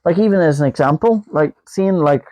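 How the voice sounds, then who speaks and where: A man's voice: a little high, a little fast, dark tone. A man co-hosting a casual podcast, rambling and joking with lots of fillers. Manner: rambling, jokey, many fillers. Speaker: podcast co-host. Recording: dull lo-fi podcast audio.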